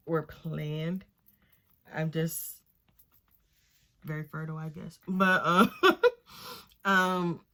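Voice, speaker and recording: A young woman with a fairly low voice tells a personal story while doing her makeup at home. She talks in a chatty way, with lots of fillers, and acts out the voices of people she quotes. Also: fairly bright tone. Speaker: beauty vlogger.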